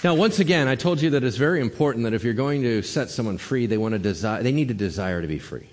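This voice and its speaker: A pastor preaches a sermon in a fast, mid-range voice, animatedly telling stories and acting out what people said. The recording has a big-room sound and slight background noise.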